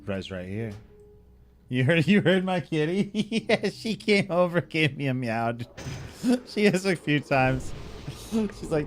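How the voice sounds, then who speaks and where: A young man chatting casually with viewers while he streams a game, relaxed, laughing often and swearing freely. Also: fairly high pitch, slow pace, faint music behind. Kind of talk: casual live-stream chat while gaming.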